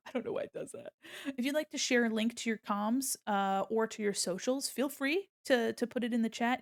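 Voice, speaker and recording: Giggly young woman streamer greeting chat, kinda high voice, bubbly. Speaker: streamer and illustrator. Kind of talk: casual livestream chat.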